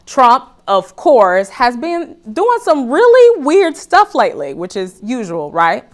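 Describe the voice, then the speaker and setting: A woman's voice: fairly high pitch, huge pitch swings, takes it slowly. A woman hosting a talk show, delivering a joking comedic monologue to a live studio audience and calling them y'all.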